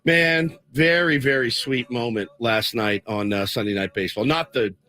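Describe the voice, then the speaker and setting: Sports radio co-host, man, mid-pitched voice, opinionated, studio mic. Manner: animated, opinionated, quick reactions. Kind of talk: sports talk radio banter.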